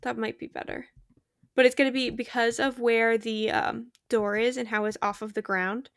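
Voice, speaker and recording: A bubbly young woman chatting through a game stream, giggling and getting excited as she talks. Her voice sits a little high, and the sound is close and dry, with no room around it. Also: moderate pace, smooth, dry recording. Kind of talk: casual gaming stream chat.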